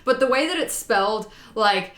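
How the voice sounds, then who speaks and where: A woman's voice: fairly high pitch, lively intonation, moderate pace, fairly bright tone, roomy sound. A young Australian woman chatting casually with viewers while she sews, reading comments aloud, joking and laughing at herself. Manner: chatty, self-mocking, laughs often, reads chat aloud. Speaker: sewing streamer. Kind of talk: casual live-stream chat while sewing.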